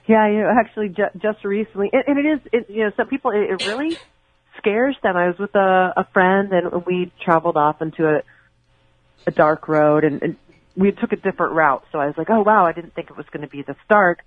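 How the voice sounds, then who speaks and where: A woman's voice: medium pitch, brisk, no echo. Woman guest on a tinny phone line. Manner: animated, rambling with many restarts. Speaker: guest, former pro wrestler. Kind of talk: casual podcast interview storytelling.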